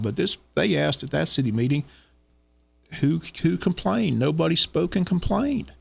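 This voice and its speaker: A man's voice: on the high side, animated, moderate pace, vocal fry, husky. A man co-hosting a radio talk show, pressing the same questions over and over. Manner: insistent, keeps repeating his questions.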